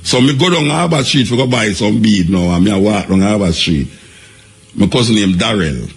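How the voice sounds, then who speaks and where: An older man with a Jamaican accent, telling his life story in an animated, repetitive way in casual patois. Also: lowish voice, normal speed.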